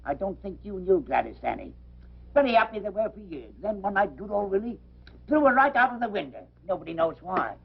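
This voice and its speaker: An actor playing a blustering, cantankerous old pub landlord, gruff and theatrical, with a raspy voice on a dull old film soundtrack. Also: male voice, high-pitched, big pitch swings, a little fast, heavily acted. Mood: chatty. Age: older. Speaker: pub owner.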